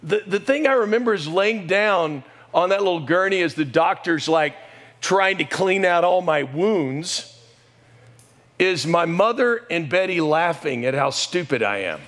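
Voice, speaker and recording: A middle-aged man, a pastor and coach, preaching a sermon with animated storytelling and sudden raised exclamations. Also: sits high, a little slow. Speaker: pastor and high school coach.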